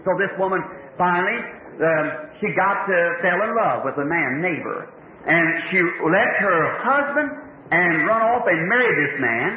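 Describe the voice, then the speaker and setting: High-voiced man preaching on old tape. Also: narrow, tinny audio, a little hiss or hum. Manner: fervent, pleading old-time preaching. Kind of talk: sermon. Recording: echoey, phone-thin old tape recording.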